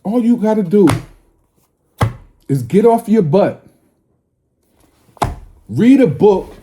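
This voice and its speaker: A man's voice: high voice, expressive, slow pace, noisy background. A man in his forties delivering a confrontational, preachy monologue to his viewers, profane and scolding. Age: 40s. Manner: scolding, lecturing tone.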